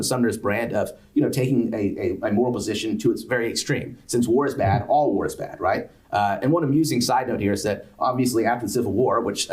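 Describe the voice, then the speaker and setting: A man giving an academic lecture, halting, with many fillers and restarts. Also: fairly low pitch, a little mellow. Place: lecture event.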